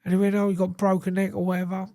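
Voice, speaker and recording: A man's voice: high-pitched, monotone, rapid-fire, mellow, dry recording. Male interview guest, blunt and sweary, acts out quoted lines, dry close sound. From England. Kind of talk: casual storytelling.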